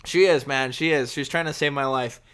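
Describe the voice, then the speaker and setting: A man's voice: mid-range voice, fairly even intonation, moderate pace, a bit bright, smooth. A young man co-hosting a casual podcast chat, rambling storyteller full of "you know" and "dude". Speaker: podcast co-host.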